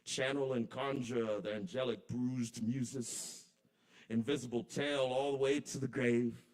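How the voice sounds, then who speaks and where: A man's voice: medium pitch, steady tone, unhurried. Man performing rhythmic spoken word. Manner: rhythmic, incantatory delivery with swings in loudness. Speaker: open mic poet. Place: kava bar open mic, indoors.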